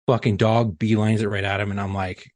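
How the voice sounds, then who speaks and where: A man's voice: on the low side, level tone, brisk, darkish tone, dry recording. A man, a former police chief, telling a rambling, profane story on a podcast. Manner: profane, rambling anecdote with many fillers. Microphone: studio podcast mic.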